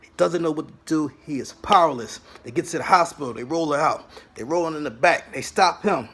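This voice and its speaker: Husky man retelling a TV episode. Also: on the high side, brisk. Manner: animated, dramatic retelling with acted-out quotes. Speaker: host of a TV recap channel. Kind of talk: casual TV recap and review.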